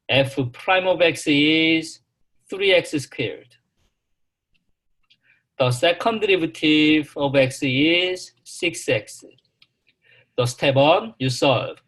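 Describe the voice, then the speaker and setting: A man teaching a calculus class, talking slowly and haltingly, repeating himself and putting questions to the students. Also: fairly high pitch, fairly bright tone. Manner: slow, repetitive, halting, asks the class questions. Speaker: math instructor.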